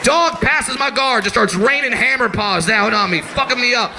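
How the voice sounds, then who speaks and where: Loud, excitable stand-up comedian man. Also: very high voice, moderate pace, very noisy. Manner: loud, excitable, shouting punchlines. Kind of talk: stand-up storytelling. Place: comedy stage before a live audience.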